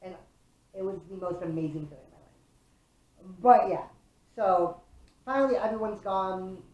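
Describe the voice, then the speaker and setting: A young woman from Chicago vlogging a casual, profane, animated storytime. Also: mid-range voice, unhurried. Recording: roomy echo.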